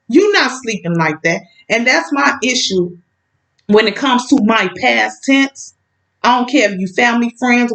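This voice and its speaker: A woman's voice: mid-range voice, a bit bright, poor audio. A woman telling a personal story in a casual vlog, outspoken and emphatic, talking straight at an absent ex-partner.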